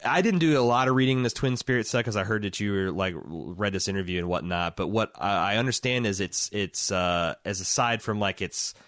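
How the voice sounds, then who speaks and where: A man co-hosting a casual podcast chat, talking in halting phrases full of fillers. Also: lowish voice, a bit bright, no room sound, studio quality. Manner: halting, heavy on "like". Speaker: podcast co-host.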